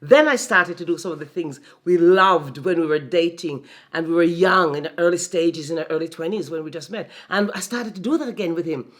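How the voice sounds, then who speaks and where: A woman's voice: fairly low pitch, fairly quick, hardly any pauses. A middle-aged woman hosting a frank, playful talk about her long marriage and giving relationship advice to viewers. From Jamaica. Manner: animated, frank and playful, addressing viewers as guys. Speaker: host.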